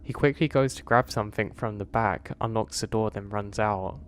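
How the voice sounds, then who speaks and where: A man, narrating a first-person horror story in a steady, earnest way. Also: on the low side, normal speed, a little hiss or hum.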